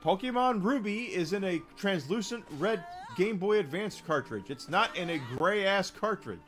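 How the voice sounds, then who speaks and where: Guy streaming a game, ranting at chat, kinda high voice, cussing, says stuff twice for emphasis. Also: expressive, normal speed, a bit bright, faint music behind. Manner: emphatic, profane, repeats phrases for stress. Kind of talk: casual rant to chat.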